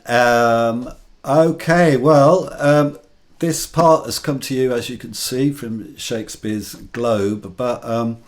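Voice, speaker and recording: A man's voice: medium pitch, a little hiss or hum. A man hosting an online show, introducing acts with many hesitant fillers. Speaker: host.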